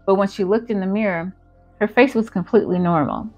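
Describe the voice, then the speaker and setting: A woman's voice: medium pitch, a little fast, highs cut off, soft background music. A woman telling a storytime in a casual, chatty way, full of fillers. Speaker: channel host.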